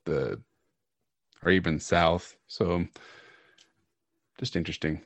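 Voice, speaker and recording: Low-voiced guy rambling on a podcast, kinda loses his words, dry close sound. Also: takes it slowly, no echo. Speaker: podcast co-host. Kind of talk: casual chat.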